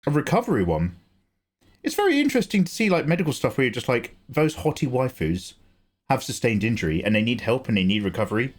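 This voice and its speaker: An English man hosting a livestream, talking casually in an animated, chatty way, swearing and laughing easily. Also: mid-range voice, fast. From England. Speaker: livestream host.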